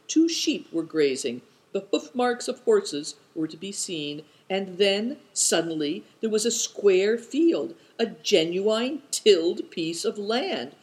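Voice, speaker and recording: A narrator reading a storybook aloud in a measured, descriptive way. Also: mid-range voice, a little mellow, rough recording. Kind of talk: audiobook narration.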